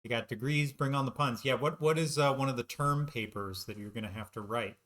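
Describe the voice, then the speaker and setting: A man hosts a casual, jokey YouTube vlog while doing weighted exercises, tossing out puns and crude asides. His medium-pitched voice is a bit bright and a little fast. A distant camera mic picks him up, giving a roomy echo and faint background noise.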